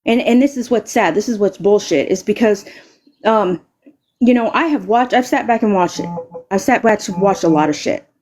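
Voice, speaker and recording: A woman's voice: medium pitch, normal speed, darkish tone. A woman live streamer delivering an angry, confrontational rant, stammering and repeating words and swearing heavily.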